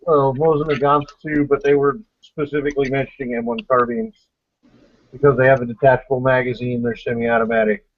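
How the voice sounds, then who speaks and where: A man's voice: medium pitch, dry recording. A man hosting a casual podcast pre-show chat over a voice call, blunt and profane, rambling as he talks. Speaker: podcast host. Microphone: online voice call. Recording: dull lo-fi voice call.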